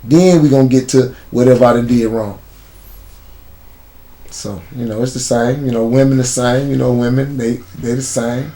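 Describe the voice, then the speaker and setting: Man, Chicago accent, interview guest, blunt, street slang, animated storytelling. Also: medium pitch, normal speed. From United States.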